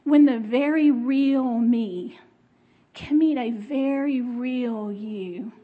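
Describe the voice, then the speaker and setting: A middle-aged woman giving a conversational sermon, expressive, laughing often and talking with the audience. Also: on the high side, takes it slowly, narrow, tinny audio. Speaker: speaker.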